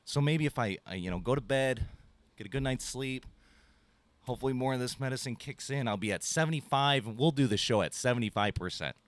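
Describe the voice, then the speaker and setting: A man hosting a podcast tells a loose, profane story in casual chat, acting out both sides of his phone calls. His mid-range voice is expressive and brisk, with no room sound.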